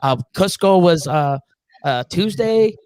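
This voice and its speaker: High-voiced, foul-mouthed male stream host. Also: takes it slowly, clear, resonant tone, no echo. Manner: profane, animated storytelling; acts out quoted exchanges with voice changes. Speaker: host of a reptile-keeping live show. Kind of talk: casual live-stream chat.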